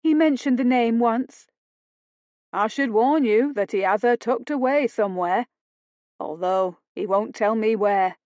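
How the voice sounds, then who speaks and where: A reserved man speaking in a measured, explanatory way, as a woman narrator puts him on. The pace is slow and the recording sounds slightly dull and lo-fi. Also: on the high side, a little mellow, no room sound, close to an everyday voice. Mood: calm.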